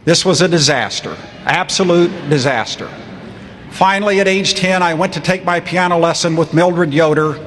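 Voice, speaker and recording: A man in his sixties giving a humorous commencement speech, telling stories with a wry, deadpan manner, recorded in a large ceremony hall. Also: fairly high pitch, moderate pace, a little hiss or hum. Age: 60s. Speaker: commencement speaker. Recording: long hall reverb, faint crowd ambience.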